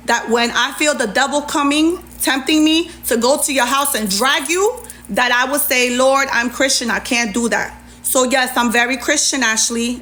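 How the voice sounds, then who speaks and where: A woman's voice: high-pitched, pushed and bright. A woman ranting on a livestream, sassy and indignant as she reads out messages and answers back.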